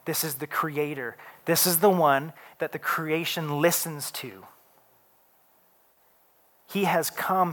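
A man preaching a sermon, slow and deliberate, with casual asides, rising to loud urgent peaks and dropping to soft hushed lines. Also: on the high side. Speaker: pastor.

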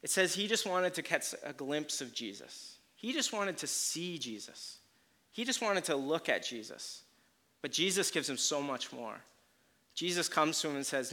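A man preaches a sermon, retelling a story with lots of energy and acting out its quotes. His voice is bright and forward, pitched a little high for a man, and it keeps rising and falling in loudness as he presses his points. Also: a little slow. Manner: animated storytelling, acts out quotes with swings in loudness.

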